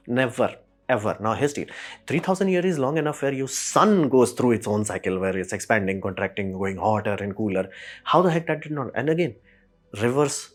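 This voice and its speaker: A man hosting a casual monologue, animated and slangy, often acting out quoted voices. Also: mid-range voice. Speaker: show host.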